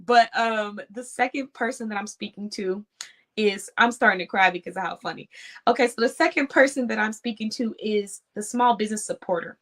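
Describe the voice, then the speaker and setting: Serdeczna kobieta motywująca przedsiębiorców. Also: female voice, medium pitch, fairly quick, fairly bright tone. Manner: earnest, encouraging, laughs easily. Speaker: host. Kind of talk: motivational talk to small business owners.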